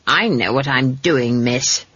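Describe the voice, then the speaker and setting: A woman voicing a gruff, blunt old witch who talks in a dry, matter-of-fact way. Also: sits low, huge pitch swings, moderate pace, a bit bright, no echo, muffled recording, exaggerated voice. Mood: curt. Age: older.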